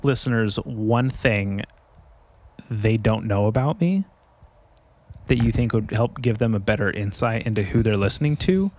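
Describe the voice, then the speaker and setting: A man hosts his podcast in a relaxed, rambling chat. His voice sits low, and his talk stays playful and mischievous. Faint clicks sound in the background. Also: normal speed, slight background noise. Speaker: podcast host. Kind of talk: casual chat.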